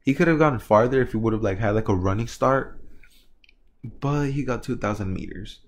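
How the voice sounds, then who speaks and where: A man's voice: mid-range voice, moderate pace. A young man casually retelling a fan story, rambling and often filling with "like" and "you know". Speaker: video creator.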